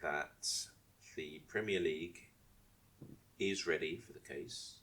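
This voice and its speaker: Low-voiced guy chatting on a podcast, rambly, keeps restarting. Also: fairly even intonation, slow pace, a bit bright. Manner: rambling, restarts and asks if he may speak. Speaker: podcast co-host. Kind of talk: casual chat.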